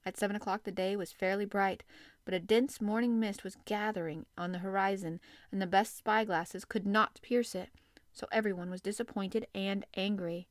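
Reading a novel aloud as an audiobook narrator, a woman keeps a steady, expressive delivery at a moderate pace and a middle pitch. Her sound is close to the mic, dry and echo-free.

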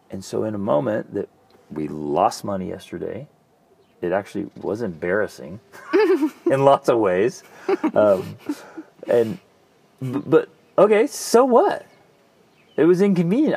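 A middle-aged man, co-host of a parenting talk show, telling a personal story in a casual, animated way, acting out his own past thoughts. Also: mid-range voice, creaky, breathy edge. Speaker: podcast co-host.

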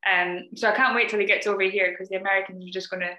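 A Scottish woman from Scotland, a podcast guest, chatting quickly and laughing easily. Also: mid-range voice, steady tone, pushed and bright, roomy sound, dull audio. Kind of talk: casual podcast chat.

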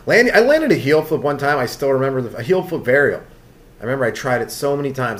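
A man's voice: mid-range voice, big pitch swings, fast. A man from Canada hosting a solo comedy podcast, rambling loosely from one aside to the next with lots of fillers.

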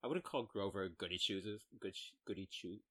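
Deep-voiced young man, playful. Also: animated, a little fast, fairly bright tone. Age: 20s. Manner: playful, wry asides, laughs easily. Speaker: podcast co-host. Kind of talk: casual book-discussion chat.

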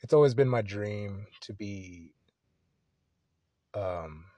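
A man's voice: lowish voice, takes it slowly, warm tone, no echo. A young man hosting a solo podcast, talking casually in a rambling, profane, laid-back way. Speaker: podcast host.

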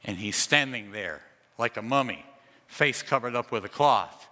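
Animated preacher in a reverberant sanctuary. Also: male voice, medium pitch, normal speed. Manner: dramatic storytelling with animated asides. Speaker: pastor. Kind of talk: sermon. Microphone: amplified through a sound system.

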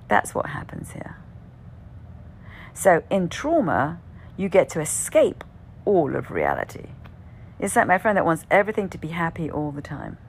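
Relaxed and chatty, a low-voiced woman with a gravelly, creaky edge shares a personal story, dropping casual swears and frequently asking "right?" Now and then she fades into a soft whisper, with faint hiss beneath the audio.

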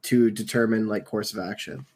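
A man's voice: fairly low pitch, steady tone, normal speed, a little mellow, a little hiss or hum. A young man and student co-hosting a podcast, talking casually and filling every sentence with "like". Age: young adult. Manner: filler-heavy, says "like" constantly. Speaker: podcast co-host.

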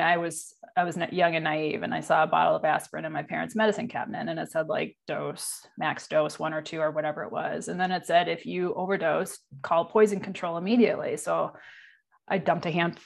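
A woman in her forties speaking candidly in an interview, halting and full of fillers. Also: lowish voice, vocal fry. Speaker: guest. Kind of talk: personal interview.

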